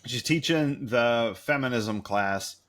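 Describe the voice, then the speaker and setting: A man's voice: mid-range voice, slow pace, fairly bright tone. A man co-hosting a podcast, recapping a TV episode in rambling, sarcastic, profane casual chat. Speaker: podcast co-host.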